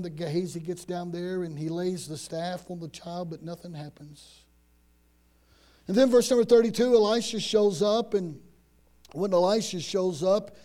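A man preaching a sermon, retelling a story with dramatic swings from loud to hushed and frequent repeated words. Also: high-pitched.

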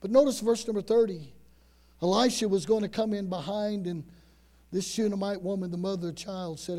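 Guy preaching a sermon, kinda high mellow voice, gets loud then goes quiet, repeats himself a lot. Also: normal speed. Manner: dramatic, swings between loud and hushed, repeats words.

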